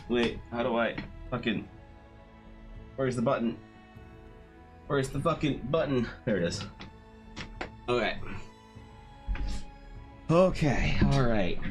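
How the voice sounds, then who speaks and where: Animated man ranting to his stream chat. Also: medium pitch. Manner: exasperated, profane ranting to chat; talks directly to viewers. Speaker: art streamer. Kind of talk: casual livestream chat.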